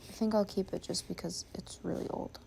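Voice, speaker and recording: A woman chatting casually as she sorts through her things, musing and thinking aloud, sometimes dropping to a soft whisper. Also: fairly low pitch, steady tone, brisk, vocal fry, a little hiss or hum. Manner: drops to a soft whisper at times. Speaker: sewing vlogger. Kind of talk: casual narration while sorting.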